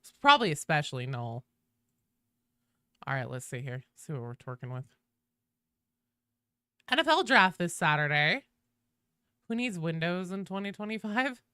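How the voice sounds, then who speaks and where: Bright, lively woman streamer. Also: normal speed, long pauses, clear, resonant tone, no echo. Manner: chatty, swears casually, greets viewers in a high sing-song. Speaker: game streamer. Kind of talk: casual livestream chat while gaming.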